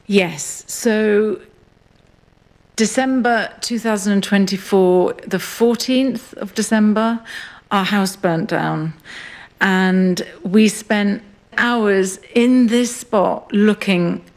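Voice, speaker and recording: Slow, reflective middle-aged woman. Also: mid-range voice. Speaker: interviewee, farmer and writer. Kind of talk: radio interview. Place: outdoors on a hill farm.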